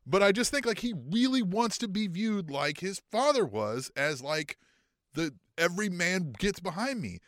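A man with a high, swooping voice chats on a podcast, close and dry on the mic. He curses casually and drops into mocking impressions when quoting people. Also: normal speed, no echo. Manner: animated, swears often, acts out quotes in mocking high voices. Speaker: podcast co-host. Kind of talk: casual wrestling podcast chat.

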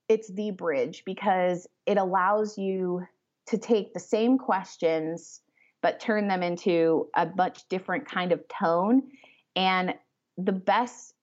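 A woman author talking as a podcast guest, rambling and animated, with many fillers as she explains her ideas. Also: on the low side. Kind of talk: conversational interview. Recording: slightly muffled lo-fi audio.

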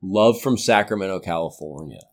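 A man's voice: lowish voice, moderate pace. A man co-hosting a sports podcast, joking around and acting out little stories. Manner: joking, storytelling, acts out others' lines. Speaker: podcast co-host. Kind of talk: casual chat.

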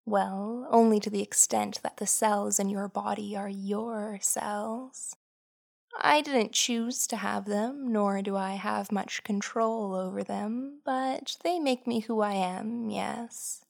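A woman voicing a cheerful, cryptic old woman in an audio story, sweet and gently chiding. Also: medium pitch, fairly even intonation, takes it slowly, creaky.

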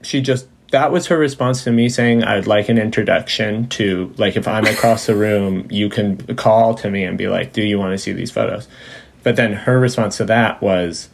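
A man's voice: fairly low pitch, normal speed, vocal fry. A man as a podcast guest, telling stories in casual chat, rambling with lots of fillers, laughing, and quoting his mother in her voice. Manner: acts out his mom's voice when quoting her.

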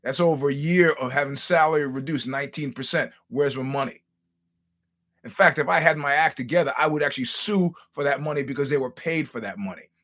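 A man's voice: a little high, fast, hardly any pauses. Guy rambling through a story on his podcast, swears a lot, does the voices. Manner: profane, animated storytelling with acted-out quotes. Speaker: podcast host. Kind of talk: casual storytelling monologue.

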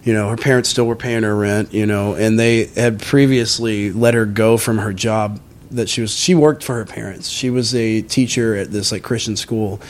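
A man, a podcast guest and musician, telling a personal story in casual conversation, full of fillers and swearing, and jumping into higher, louder voices when he quotes people. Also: normal speed. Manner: animated retelling with frequent swearing and fillers.

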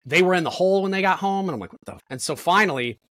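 A man's voice: high-pitched, lively intonation, rapid-fire, fairly bright tone, no room sound. Blunt, profane man telling work stories. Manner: blunt, profane, storytelling with lots of fillers. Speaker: guest. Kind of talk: casual podcast chat.

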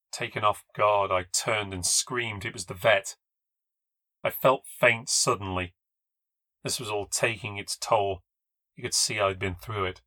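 A man with a fairly low, bright and edgy voice reads a ghost story aloud with dramatic flair. The sound is dry and close, with no room around it. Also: dry recording. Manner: dramatic, vivid reading. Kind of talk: scripted ghost story narration.

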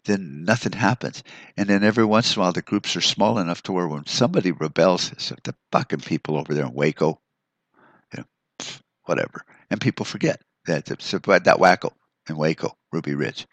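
A man hosting a solo podcast delivers a profane, rambling rant as a monologue, full of restarts. His voice sits low and moves fairly quickly, with no echo.

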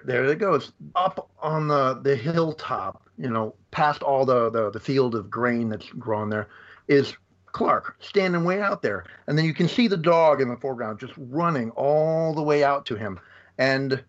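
A man from the United States talks casually about films and acts out scenes as he retells them. His voice sits in a middle pitch. The audio is slightly dull and lo-fi. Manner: animated storyteller. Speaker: podcast guest. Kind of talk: casual movie chat.

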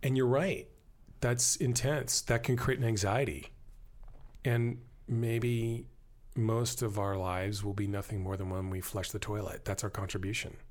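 A man talking in a casual podcast conversation, animated and rambling, joking as he tells stories. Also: fairly low pitch, unhurried. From born in Germany to American parents. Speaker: podcast guest.

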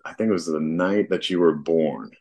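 Low-voiced guy rambling easy in an interview, lots of "like" and "you know". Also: moderate pace. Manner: relaxed and rambling, many fillers. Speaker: guest, artist and father. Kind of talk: casual interview chat.

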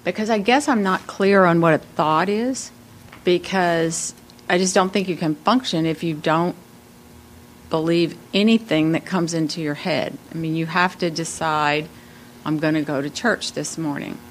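A woman participant in a group discussion, reasoning out loud and questioning the teaching. Her voice is low for a woman, with faint background noise. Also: unhurried. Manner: thoughtful, questioning.

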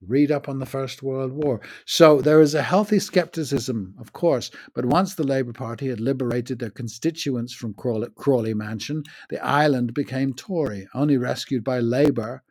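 A man's voice: medium pitch, normal speed, few pauses, darkish tone. A man in his sixties, raised in the United States, giving a wry, opinionated spoken essay on his own podcast.

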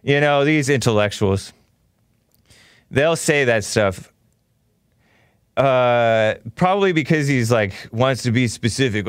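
A man's voice: mid-range voice, animated, slow pace, pauses often, clean tone, no room sound, studio quality. A man hosting a talk show, ranting in a combative, mocking, rambling way. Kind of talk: casual talk show rant.

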